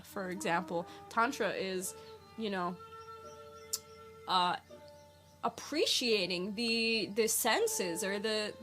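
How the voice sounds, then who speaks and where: A woman with a slightly high, fairly bright voice hosts a casual spiritual podcast. She rambles with plenty of filler words and keeps firing questions at her listeners.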